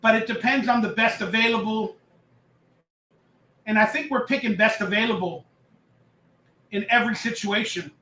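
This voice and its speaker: A bright, high-voiced man hosting a loose live stream, chatting and reading viewer comments aloud. His voice rings out in an echoey room, relaxed and rambling. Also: normal speed, long pauses. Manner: chatty, reads chat aloud, jokes and rambles. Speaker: livestream host. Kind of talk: casual live-stream chat.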